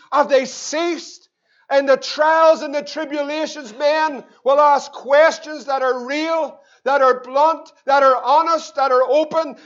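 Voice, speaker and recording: A Northern Irish man preaching a sermon as pastor, impassioned and rising to shouts. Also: very high-pitched, dull audio. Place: church.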